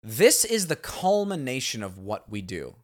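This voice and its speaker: Guy cohosting a podcast, lively up and down voice, rambly and sweary. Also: mid-range voice, measured pace. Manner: rambling, emphatic, swears freely. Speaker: podcast co-host. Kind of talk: casual chat.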